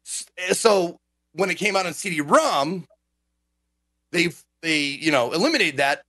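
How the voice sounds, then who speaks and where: A man with a fairly high voice rants about a game in a casual podcast chat. His pitch leaps and dips all over as he gets worked up, and he swears freely throughout. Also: unhurried, no echo. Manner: animated ranting, frequent swearing. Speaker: game streamer.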